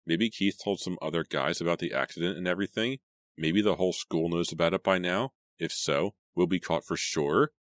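A man reading the lines of a teenage girl who snaps and insists, in a very deep voice. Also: a little fast, dry recording, studio quality, close to an everyday voice. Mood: accusing. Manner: snapping, insistent.

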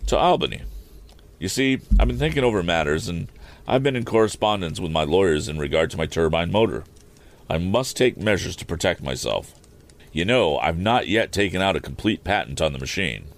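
A man's voice: low-pitched, animated, brisk. A man voicing a worried middle-aged inventor and father who explains things earnestly.

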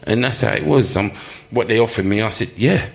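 A former footballer telling lively stories in an interview, laughing often and acting out the people he quotes. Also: on the low side, fairly quick, creaky. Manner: animated storyteller, laughs often, acts out quoted voices. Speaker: former professional footballer, guest. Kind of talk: live storytelling interview.

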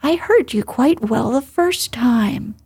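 A woman voicing a fussy male rabbit who hides in his burrow, speaking softly in a higher, prim voice. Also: animated, slow pace, slightly rough, no room sound, exaggerated voice. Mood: evasive.

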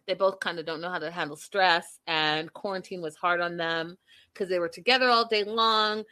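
Young woman doing a chatty gossipy recap, bright clear voice, talks right to the viewers. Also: fairly low pitch, moderate pace. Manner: gossipy, animated, laughs often, addresses viewers as y'all. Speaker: reality TV recap host.

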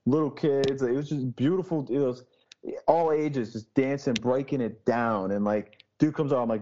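A man talking in a loose, brash way, full of swearing and long tangents. His voice is mellow and dark. The audio is dull and lo-fi, like a call recording. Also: medium pitch, moderate pace. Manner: brash, swears a lot, rambling storytelling. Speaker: podcast guest, street DJ. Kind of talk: casual chat. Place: Boston.

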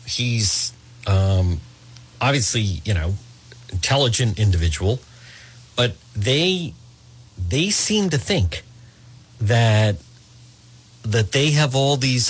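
A man with a slightly husky, breathy voice hosts a talk radio show. He comments emphatically on the news, stressing key words and speaking straight to his listeners as folks. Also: medium pitch, expressive, slow, long pauses.

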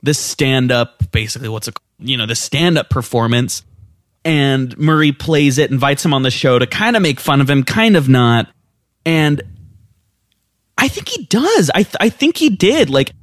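A man co-hosting a casual film discussion, animated and quick to act out scenes. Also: mid-range voice, dry recording, clean studio sound. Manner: animated, acts out quotes in raised voices. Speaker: podcast co-host.

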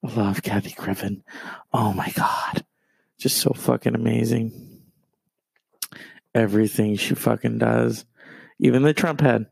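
A man's voice: medium pitch, creaky, a little mellow, no echo. A man in his late thirties hosting a solo podcast, rambling and gossiping with plenty of swearing. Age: 30s. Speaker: podcast host.

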